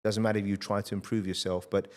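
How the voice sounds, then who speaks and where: A middle-aged man with a fairly low voice hosts a podcast in relaxed conversation. He tells energetic, blunt anecdotes and swears freely. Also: quick pace. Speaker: podcast host. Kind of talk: casual conversational storytelling.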